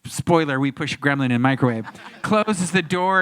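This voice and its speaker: Male actor guest at a convention panel, somewhat high voice, animated storyteller who acts out crowds. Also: a little fast, few pauses, clear, resonant tone. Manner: acts out crowds and voices, big pitch jumps.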